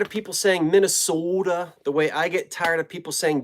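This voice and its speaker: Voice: medium pitch, very animated, normal speed, few pauses. A middle-aged host from New Jersey, chatting casually on a live stream from a home basement and greeting viewers by name.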